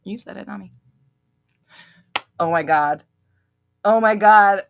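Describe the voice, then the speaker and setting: A woman's voice: medium pitch, takes it slowly, gravelly, dry recording, lo-fi sound. A young woman hosting a live Q&A stream, casually reading out viewer comments, blunt and swearing freely, laughing often as she scolds.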